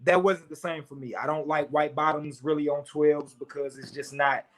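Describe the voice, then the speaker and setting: Rambling casual man, slightly high voice. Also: steady tone, moderate pace, fairly bright tone, a little hiss or hum. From St. Louis, USA. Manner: rambling, repeats "you know what I'm saying". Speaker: sneaker battle contestant. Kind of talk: casual chat.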